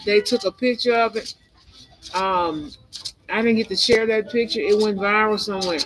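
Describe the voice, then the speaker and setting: A woman's voice: mid-range voice, normal speed, rough recording. Woman, spiritual vlog host, rambling conspiratorial talk, mid-range voice, music playing behind. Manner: conspiratorial, meandering, laughs between thoughts. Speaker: tarot and spiritual channel host.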